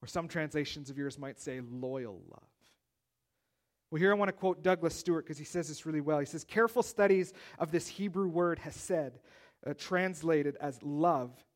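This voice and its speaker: A male pastor preaching a sermon, his voice a little higher than most men's. He talks conversationally, restarting phrases, and reads scripture with emphasis. His loudness rises and drops sharply from line to line.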